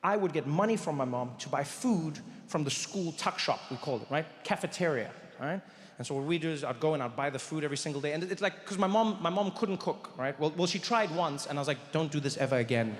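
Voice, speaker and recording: A man with a South African accent telling an animated stand-up story on a theatre stage, acting out voices with big swings in volume. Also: a little high, fast. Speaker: stand-up comedian. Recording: echoey hall, live stand-up.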